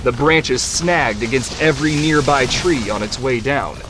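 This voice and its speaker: Male narrator, mid-pitched, steady, descriptive storytelling read. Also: background noise. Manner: measured and descriptive. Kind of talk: scripted audiobook narration.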